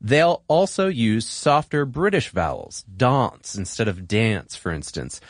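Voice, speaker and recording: A man hosts an explainer podcast, talking straight into a close studio mic. His delivery is playful and animated, and the pitch rises and falls a lot. The sound is dry with no room echo. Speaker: podcast host. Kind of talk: scripted narration.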